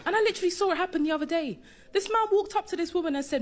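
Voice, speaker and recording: A woman's voice: extremely high pitch, rapid-fire, background noise. A woman doing bawdy, conversational stand-up storytelling. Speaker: stand-up comedian. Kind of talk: stand-up comedy.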